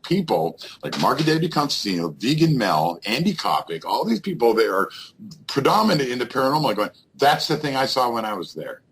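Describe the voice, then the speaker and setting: A man's voice: mid-range voice, fairly bright tone, husky. A man, a guest on a radio show, telling a rambling ghost-hunting story full of fillers and restarts. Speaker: guest paranormal investigator.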